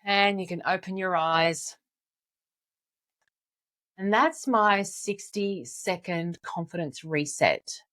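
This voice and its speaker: A woman in her forties, a confidence coach, calmly and encouragingly guiding listeners step by step through an exercise. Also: on the low side, takes it slowly, long pauses. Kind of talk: guided exercise instruction.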